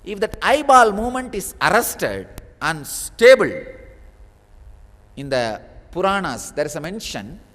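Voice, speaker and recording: A man's voice: high voice, big pitch swings, a little slow, a bit bright. A man giving a spiritual discourse as a teacher, telling a story with sudden bursts of emphasis. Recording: long reverb of a large hall.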